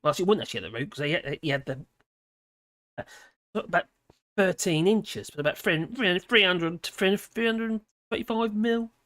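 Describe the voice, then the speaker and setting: A woman's voice: fairly low pitch, expressive, brisk, a bit bright, dry recording, clean studio sound. A British woman hosting a live stream, talking casually and wandering off topic, mixing scripted commentary with chatty asides. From United Kingdom. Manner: digressive and chatty, laughs often, reads chat messages aloud. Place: room at home with a model airplane hanging behind.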